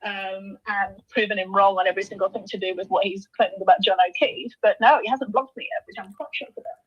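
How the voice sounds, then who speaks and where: A woman speaking as a guest on a live stream, breezy and fast, over muffled lo-fi call audio. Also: mid-range voice, steady tone, slightly rough. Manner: fast, breezy, says like a lot. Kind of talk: casual chat.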